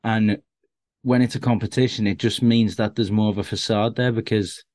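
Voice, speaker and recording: A man's voice: lowish voice, steady tone, moderate pace, darkish tone, no room sound, studio quality. A man, a stand-up comedian, chatting as a guest and telling self-deprecating stories with lots of restarts. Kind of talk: casual conversational anecdotes.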